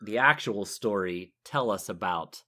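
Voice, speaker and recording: Animated, chatty male podcast co-host. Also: fairly low pitch, unhurried. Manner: chatty, laughs easily, rambling asides. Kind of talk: casual chat.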